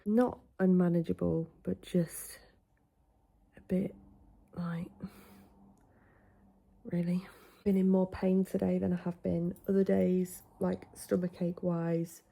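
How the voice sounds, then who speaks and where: A young adult woman from England talking straight to camera in a casual vlog, chatty and animated, swearing freely as she retells her day. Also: on the low side, slow, gravelly, long pauses. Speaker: vlogger.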